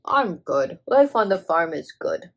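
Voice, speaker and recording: A woman's voice: fairly low pitch, sing-song, unhurried, voice pushed down, heavily acted. A woman voicing a friendly, cheerful farm dog in a toddler show. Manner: chipper and polite.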